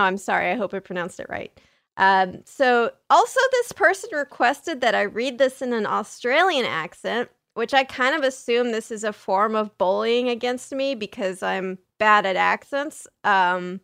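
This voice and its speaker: A young woman with a slightly high voice, rambling through listener questions on her podcast. She talks casually, pokes fun at herself and fills gaps with ums and likes. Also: fairly bright tone. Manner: chatty, self-deprecating, rambling with fillers. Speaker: podcast host.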